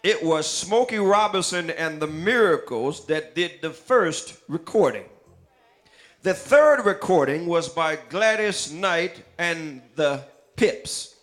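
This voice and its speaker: A man preaching a sermon in church, calling out listeners by name and half-chanting quoted song lines, rising and loud. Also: a little high, animated, takes it slowly. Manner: names listeners in the pews as he preaches. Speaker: pastor. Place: church sanctuary.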